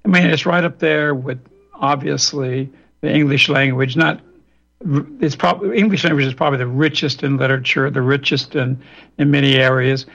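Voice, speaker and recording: A man's voice: medium pitch, fairly even intonation, moderate pace, gravelly, a bit bright. A man, a guest on a radio interview, lecturing in a long, digressive way with frequent restarts over a remote line. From Louisiana, US. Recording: dull lo-fi radio audio.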